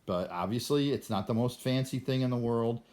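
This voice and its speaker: A man's voice: mid-range voice, moderate pace, darkish tone. An older man talking to the camera in a rambling monologue, often stammering and restarting his sentences. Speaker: vlogger.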